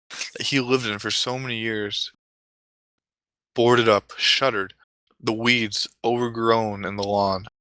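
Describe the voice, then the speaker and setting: A man's voice: on the low side, bright, forceful tone, no room sound, low-quality recording. A man narrating a mock-epic comedic story in a rambling, mock-solemn way, often correcting himself.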